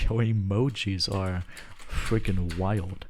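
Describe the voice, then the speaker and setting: A man talks his way through a live game stream from a room at home, rambling and joking with his chat. His voice sits on the lower side and he chuckles often. A faint background noise runs under a desk microphone. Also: unhurried. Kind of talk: live gaming stream chatter.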